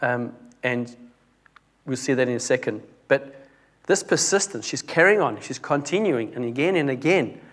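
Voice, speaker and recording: A man's voice: medium pitch, animated, normal speed, a bit bright. A young man preaching a conversational sermon, often dropping his voice to stress a point. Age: young adult. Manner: conversational, with restarts and dramatic drops in volume.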